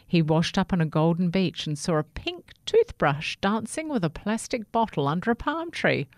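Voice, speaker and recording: A woman, narrating a children's story in a gentle, expressive way. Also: on the low side, normal speed, no echo, clean studio sound.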